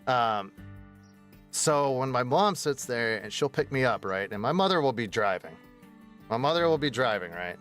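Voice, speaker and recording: Man, game streamer, casual chat, rambling, swears a lot, mid-pitched, faint music behind. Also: lively intonation, normal speed, fairly bright tone. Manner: rambling, profane storytelling with bursts of laughter.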